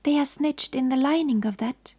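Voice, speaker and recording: A woman's voice: high voice, moderate pace, warm tone, pitched above the performer's own voice, close to an everyday voice. A woman doing a shrieking, frightened lady. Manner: shrieking, panicked questions. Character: frightened tall young woman, shrill.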